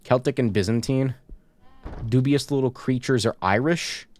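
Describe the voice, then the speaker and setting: A man streaming a horror game, reading the on-screen notes aloud and tossing in joking asides in a casual, relaxed way. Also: mid-range voice, normal speed.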